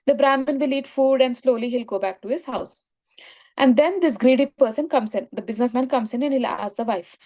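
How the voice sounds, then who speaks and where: A woman's voice: sits high, a little fast, warm tone. A woman telling a moral story in a spiritual lesson, often checking in with "right?". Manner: explanatory, frequent "right?" checks. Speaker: spiritual teacher.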